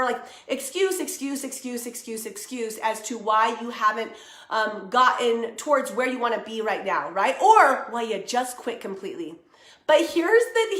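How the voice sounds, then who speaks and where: Her fairly high, fairly bright voice bouncing around an echoey room, a young woman coaches and hosts a casual motivational live stream. She's upbeat and talkative, calling out viewers by name.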